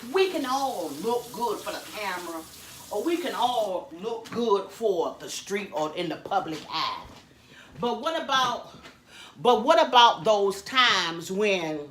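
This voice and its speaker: A woman's voice: mid-range voice, fairly bright tone. Churchy woman chatting from her kitchen. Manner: preachy and repetitive, calls viewers y'all, adds amen. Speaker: faith vlogger. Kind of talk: casual chat with viewers while cleaning. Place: home kitchen, doing dishes. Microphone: camera propped up and moved around.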